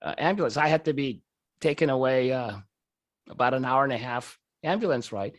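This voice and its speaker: A man telling a personal story in an animated way, often breaking into laughter. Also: mid-range voice, fairly quick, no room sound, clean studio sound. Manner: lively, animated delivery.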